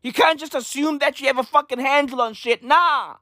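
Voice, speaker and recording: A young woman in a loud, profane comedic rant, emphatic and slangy, repeating her lines for effect. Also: sits high, a little fast, no room sound, clean studio sound. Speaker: comedic ranter.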